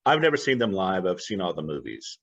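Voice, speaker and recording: A man co-hosting a casual podcast chat, his low voice gravelly and a bit husky. He gives short, laid-back answers. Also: sing-song, brisk, fairly bright tone, dull audio. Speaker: podcast co-host.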